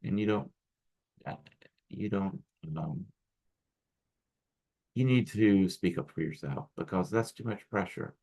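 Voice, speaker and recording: A man's voice: sits low, slow pace, long pauses, darkish tone. A man teaching acupuncture students in a casual, rambling lecture full of restarts and asides. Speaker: acupuncture instructor. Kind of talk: recorded lecture.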